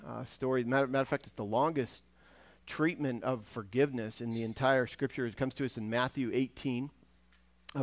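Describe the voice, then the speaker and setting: A man's voice: medium pitch, dry recording. A man, a guest preacher in a church, giving a conversational sermon with frequent restarts and acted-out voices from a parable. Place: church sanctuary.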